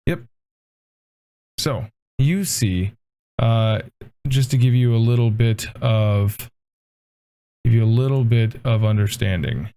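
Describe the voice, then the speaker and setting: Mellow-voiced man running a tabletop game. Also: medium pitch, slow pace, pauses often, clean tone. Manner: casual and profane. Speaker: game master.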